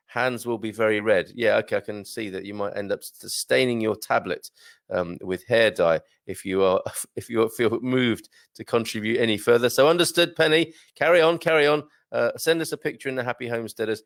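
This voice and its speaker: A man's voice: mid-range voice, vocal fry, dry recording, clean studio sound. A man from Britain hosting a live stream, reading out viewer comments in a chatty, joking way with many hesitations. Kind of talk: casual live chat.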